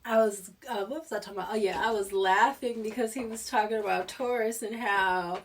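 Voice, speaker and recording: A woman's voice: medium pitch, steady tone, fairly quick, recorded from a distance. A woman tarot reader in a casual spiritual chat, rambling and restarting her sentences, often breaking into laughter.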